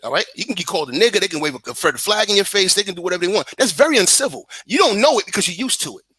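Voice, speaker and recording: A man from the United States talks politics at a rapid clip, his voice bright and forceful, with a fairly high pitch. He rambles heatedly, swears freely and restarts his sentences. The sound is close and dry. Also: slightly rough, dry recording. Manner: animated, profane, rambling with restarts. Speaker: guest on a talk stream. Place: living in Germany.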